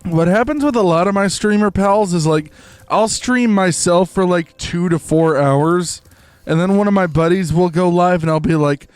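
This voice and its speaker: A man's voice: high voice, moderate pace, a little mellow, clean tone, dry recording. A young man chatting casually to his viewers while live-streaming a game, rambling with lots of fillers. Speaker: livestreamer. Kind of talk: casual chat while gaming.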